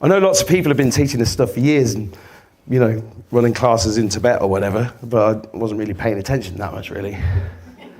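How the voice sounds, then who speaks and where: A man's voice: medium pitch, a little fast, slightly rough. A man giving a live talk to an audience, telling stories and acting out the people in them, swearing freely. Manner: storytelling, acts out shouting people, swears freely. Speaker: speaker.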